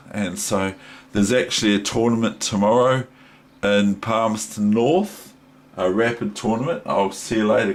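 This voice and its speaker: Slow rambling older New Zealand man. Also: on the low side, low-quality recording. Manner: rambling, chatting to toys, full of ums and asides. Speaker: chess teacher. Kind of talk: casual vlog chat.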